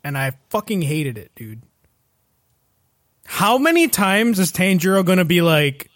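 A young man ranting profanely in a casual chat, animated and exasperated. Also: sits high, measured pace, long pauses, no echo, studio quality. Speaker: podcast co-host. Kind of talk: casual rant.

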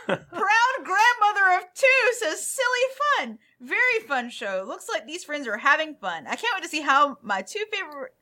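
A woman co-hosting a casual comedy podcast, giggling her way through listener reviews. Her voice is high and bright, with wide, lively swings in pitch. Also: moderate pace. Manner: giggly, laughs often.

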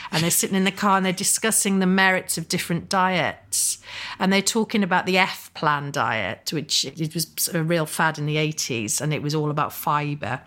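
A middle-aged Welsh woman, an author and actor, chatting as an interview guest and telling stories with animated character voices. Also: deep voice, normal speed. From Wales. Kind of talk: casual interview chat.

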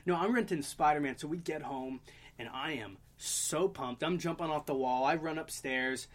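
A man in his twenties telling stories in a casual chat, animated and joking. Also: on the high side, normal speed. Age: 20s. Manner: animated storyteller, puts on silly voices.

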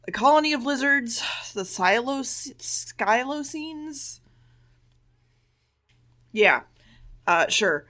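A woman's voice: fairly high pitch, expressive, takes it slowly, long pauses, a bit bright. A woman co-hosting a podcast, casually recapping a show with blunt, sarcastic asides. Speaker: podcast co-host.

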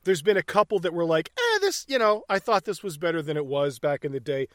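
A man's voice: on the high side, big pitch swings, brisk, fairly bright tone, dry recording, clean studio sound. A man co-hosting a podcast in casual chat, blunt and profane, laughing often. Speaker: podcast co-host.

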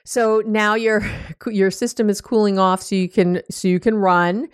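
A woman coach talks her listeners through a topic in a lively, chatty way, slipping into short acted-out bits of dialogue. Her voice sits at a middle pitch. The sound is dry and close, with no room around it. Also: measured pace, clean tone, no room sound. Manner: animated, acts out little quoted exchanges, frequent "you know"; warm and teasing with listeners. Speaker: relationship coach and podcast host. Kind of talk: casual explanatory talk.

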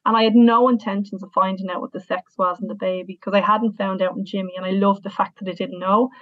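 A woman's voice: mid-range voice, fairly even intonation, fast talker, a bit bright, dry recording. A woman in her thirties with an Irish accent, telling a personal story in an earnest, emotional way with frequent restarts. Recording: tinny, dry phone-like sound.

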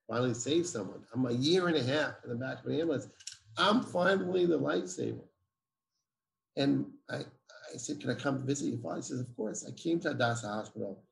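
A man's voice: mid-range voice, quick pace, creaky, slight background noise. A man, a guest telling a personal story emphatically and acting out the dialogue. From Israel. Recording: roomy echo.

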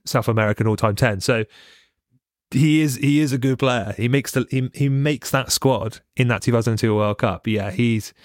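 A young Englishman co-hosts a football chat, tossing in dry, wry remarks. His voice is pitched in the middle. It is recorded close and dry. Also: no echo. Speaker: podcast co-host. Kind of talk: casual football podcast chat.

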